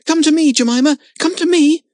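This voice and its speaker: A man's voice: very high voice, brisk, a little mellow, no room sound, clean studio sound, voice pushed up. A man voicing a frantic little circus girl who shrieks and sobs her pleas in an audiobook.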